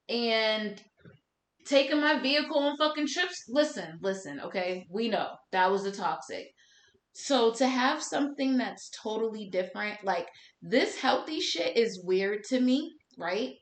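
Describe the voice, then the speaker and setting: A woman in casual podcast chat, telling a story in an animated way and acting out what people said. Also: medium pitch, a little slow. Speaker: podcast co-host. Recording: echoey room recording.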